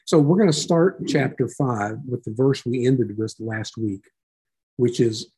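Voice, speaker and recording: A man with a husky, mellow voice teaches a small Bible class. He reads scripture aloud and then unpacks it in a relaxed, conversational tone, as if talking with the people in the room. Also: mid-range voice, measured pace.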